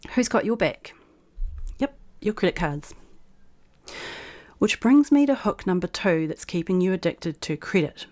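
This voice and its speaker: A woman's voice: fairly low pitch, very animated, a little slow, pauses often, darkish tone. A woman vlog host who reads her old blog post aloud in a frank, persuasive way, then reflects on it.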